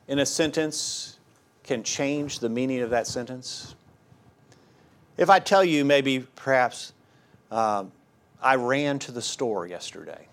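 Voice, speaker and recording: A middle-aged man preaching a sermon in an earnest, emphatic way, often repeating his key phrases. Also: fairly high pitch.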